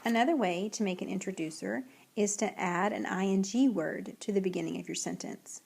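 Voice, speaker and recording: A woman teacher giving a recorded writing lesson, reading example sentences slowly and clearly. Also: mid-range voice, darkish tone, slight background noise.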